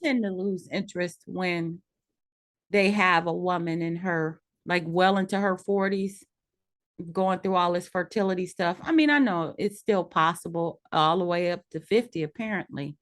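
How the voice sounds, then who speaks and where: Low-voiced woman giving frank opinions. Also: normal speed. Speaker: podcast co-host. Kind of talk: casual chat recapping reality TV.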